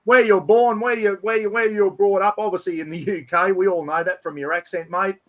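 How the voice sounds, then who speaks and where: A man's voice: sits high, fairly even intonation, a little fast, fairly bright tone. A man hosting a casual chat, talking in a chatty, enthusiastic, rambling way. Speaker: host.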